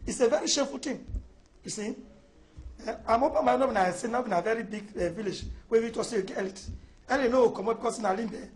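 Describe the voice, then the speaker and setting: A man speaking Cameroonian Pidgin English as a debate panelist, indignant and halting in a heated studio debate. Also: very high-pitched.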